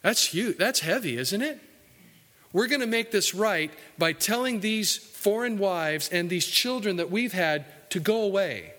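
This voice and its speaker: A man preaching a sermon earnestly, his voice rising for emphasis and dropping low for asides. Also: lively intonation, unhurried, bright, forceful tone. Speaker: pastor. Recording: hall reverb.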